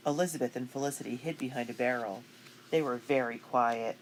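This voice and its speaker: A woman narrating a children's chapter book aloud with clear, expressive reading. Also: a bass voice, a little fast, a little hiss or hum. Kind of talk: storybook read-aloud.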